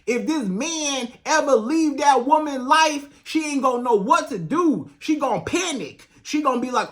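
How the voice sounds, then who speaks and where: A woman's voice: high-pitched, lively intonation, normal speed, hardly any pauses. A woman relationship coach giving direct, emphatic advice to camera, repeating herself for stress and acting out quoted voices, with speech.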